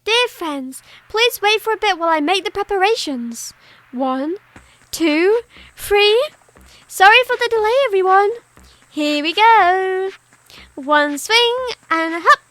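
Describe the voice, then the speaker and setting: A woman's voice: extremely high pitch, lively intonation, takes it slowly, fairly bright tone, no room sound, exaggerated voice. A woman voicing a cheerful, sadistic girl who hosts a show, speaking in a sweet, mocking sing-song while reading game dialogue. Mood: gleeful.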